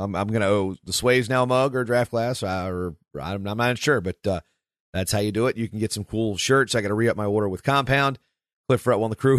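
A man with a raspy voice hosting a wrestling podcast in casual, rambling chat full of filler words. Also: on the low side, no room sound, clean studio sound. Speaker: podcast host.

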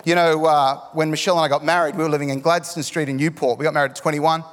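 A middle-aged Australian man preaches with an animated, jokey storytelling manner, pushing up to shouts at the big moments. His voice sits a touch high for a man. It rings out with a long echo, as in a large hall. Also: racing. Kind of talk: sermon with storytelling. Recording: echoey hall.

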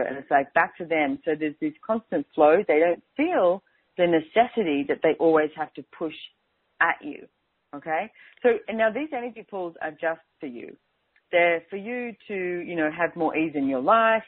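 A woman's voice: low-pitched, slightly rough, no room sound. A woman hosts a radio talk show in an easy, rambling way, looping back to "and it's like" again and again. Her voice comes through narrow and tinny, as if over a phone line, and it sounds close and dry with no room around it. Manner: chatty, keeps saying "and it's like". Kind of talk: casual on-air talk.

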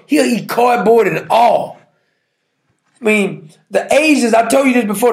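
A man's voice: very high voice, vocal fry, echoey room. A man hosting a talk show, giving brash, mocking political commentary with lots of repetition.

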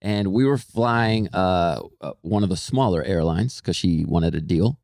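A young man co-hosting a podcast, telling a story in casual chat, animated and swearing, acting out people who shout. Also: low-pitched, unhurried, vocal fry, no echo, clean studio sound. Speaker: podcast co-host.

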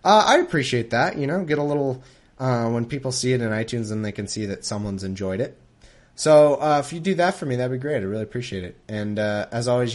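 Sarcastic male podcast host. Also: fairly low pitch. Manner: sarcastic, exasperated. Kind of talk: casual Bible reading with commentary.

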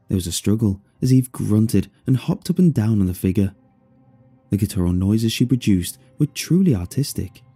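Man, first-person story narration, dark husky voice, lively pitch, dryly amused, faint music behind. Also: normal speed.

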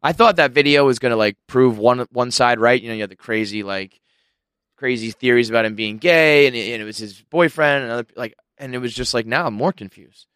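A man's voice: medium pitch, a little fast, fairly bright tone, smooth, dry recording. Rambling young man, dry sound. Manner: rambling storyteller, swears, laughs often. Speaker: podcast co-host. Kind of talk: casual chat.

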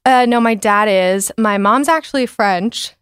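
Woman from the dallas suburbs, slow easy talk, smooth voice, dry mic, podcast guest. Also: a little high, no room sound. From Dallas suburbs, Texas. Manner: relaxed, unhurried, giggly storytelling. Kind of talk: casual interview.

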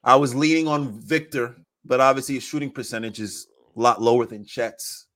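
A man talking basketball on a podcast mic, animated and full of laughs. His pitch sits in the usual middle range. He acts out bits of what players said as he goes. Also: moderate pace. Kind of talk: casual sports chat.

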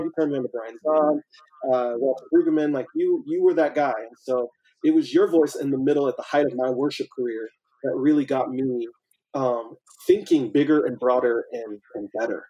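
An earnest man speaks as a podcast guest, his voice dark and mellow with a husky edge. He talks in an animated, conversational way and laughs often. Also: medium pitch, a little fast, highs cut off. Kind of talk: casual conversation.

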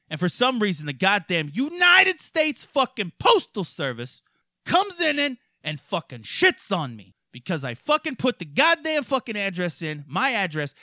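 A man hosting a casual podcast from his studio, ranting and swearing constantly with loud outbursts. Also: high voice, no echo. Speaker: podcast host. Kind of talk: profane ranting podcast chat.

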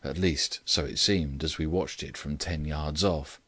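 A man with a very deep voice narrates a classic story at a measured pace. His delivery is steady and scripted. The recording is dry and close, with no room sound. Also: husky, no echo. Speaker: audiobook reader.

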